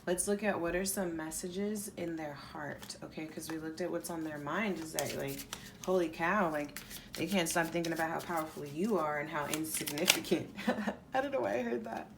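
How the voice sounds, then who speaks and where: A woman with a low-sitting, gravelly voice gives a casual pick-a-pile tarot reading at a moderate pace, with noise in the background. She rambles loosely through the cards, leaning heavily on "like."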